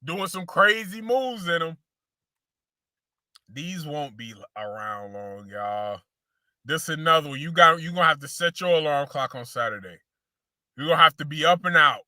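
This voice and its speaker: A man's voice: on the high side, animated, moderate pace, bright, forceful tone, no echo, studio quality. A man hosting a casual sneaker show, talking slangy and loose, repeating phrases and calling his viewers y'all.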